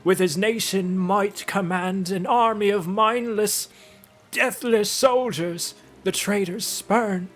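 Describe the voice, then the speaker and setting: A bitter old peasant woman from a fantasy game, as a man puts her on, shrill and scolding. Her voice sits high, and she tacks a sharp "eh?" onto her lines. Faint music plays underneath. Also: slow pace. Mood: ominous storytelling. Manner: shrill, scolding, ends lines with a barked 'eh?'. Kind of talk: reading game dialogue aloud in character.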